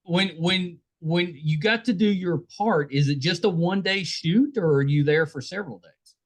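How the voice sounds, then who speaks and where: A man's voice: high voice, normal speed. A man with a West Virginian accent hosting a podcast, asking short, friendly questions in casual interview chat. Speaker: podcast host.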